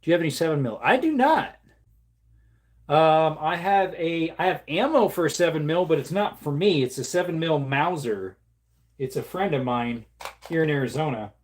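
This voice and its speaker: A woman's voice: low voice, lively intonation, moderate pace, darkish tone, a little hiss or hum. A woman chatting casually on a livestream while reloading ammunition, playful and laughing often. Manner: playful, laughs often, slips into silly voices.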